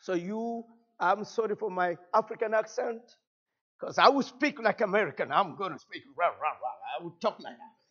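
Impassioned preacher with a Cameroonian French accent. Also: male voice, sits high, normal speed, husky, dull audio. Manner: impassioned, rising to shouts, repeating phrases. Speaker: guest pastor. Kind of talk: sermon.

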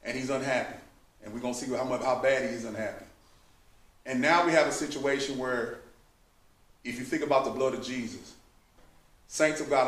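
A man preaching a sermon, who builds to emphatic outbursts and addresses the listeners as saints. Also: medium pitch. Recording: echoey room, mic at a distance.

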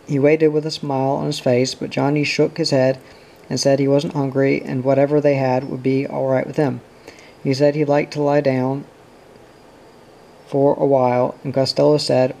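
A man reading a novel aloud as an audiobook narrator, in a steady and subdued way. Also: medium pitch, normal speed, vocal fry, a little hiss or hum, poor audio. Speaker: audiobook reader.

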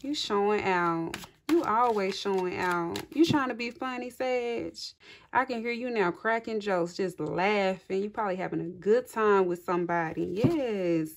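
A woman's voice: medium pitch, unhurried, slight background noise. A woman doing a casual tarot reading for her viewers. She speaks effusively and encouragingly, laughs often and addresses the viewers directly. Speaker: tarot reader. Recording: clearly audible card shuffling and clicks.

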